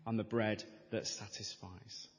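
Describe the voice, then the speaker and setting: A middle-aged male pastor delivers a sermon slowly, in a measured, emphatic style that relies on repeated phrases. His somewhat low voice is flat in delivery, with a long reverberant tail from a church hall and faint music underneath.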